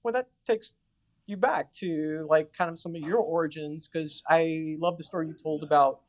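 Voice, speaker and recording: A man's voice: a little high, steady tone, normal speed. A man interviewing a voice actor at a convention and asking friendly, leading questions.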